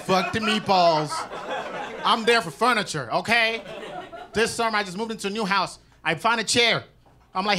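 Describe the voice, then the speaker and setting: A man from Nigeria doing improvised stand-up on a club stage, riffing on crowd shouts with mock anger. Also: high voice, brisk. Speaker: stand-up comedian. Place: comedy club stage with live audience. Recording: crowd laughter loud behind.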